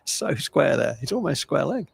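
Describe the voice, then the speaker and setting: An older man giving chatty, opinionated live cricket commentary, with a gravelly voice. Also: fairly high pitch, big pitch swings, moderate pace, no echo. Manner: chatty, opinionated, self-deprecating.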